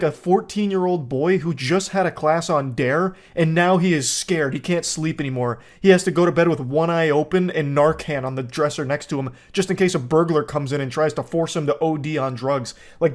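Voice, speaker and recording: A man giving sardonic, incredulous comedic commentary while reading text messages aloud. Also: a little high.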